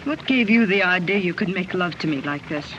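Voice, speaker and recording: An actress playing a brassy, quick-tongued saloon singer with sassy showman patter, in 1930s film acting style. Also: on the low side, expressive, muffled recording, close to an everyday voice. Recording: hissy old 1930s film soundtrack.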